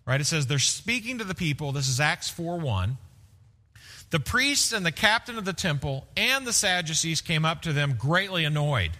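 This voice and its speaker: A man's voice: fairly high pitch, animated, moderate pace, sharp tone. A male pastor preaching a sermon in a conversational way, often checking in with "right?". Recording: long reverb of a large hall.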